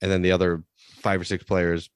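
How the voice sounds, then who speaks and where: Man, low voice, dry close sound, rambling casual podcast chat, lots of restarts. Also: little pitch movement, clean tone, no room sound. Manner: rambling, halting restarts, profane. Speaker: podcast co-host.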